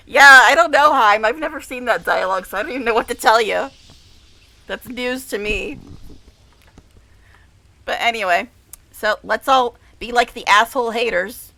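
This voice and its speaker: A woman's voice: fairly high pitch, measured pace, gravelly, long pauses, bright, forceful tone, no echo. A woman streamer giving casual gameplay commentary, gushing and dramatic, laughing often. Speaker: game streamer.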